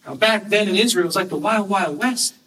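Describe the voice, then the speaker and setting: A man preaching a sermon, earnestly explaining scripture and reading verses slowly and with emphasis. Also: sits high, sharp tone. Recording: distant mic with faint background noise.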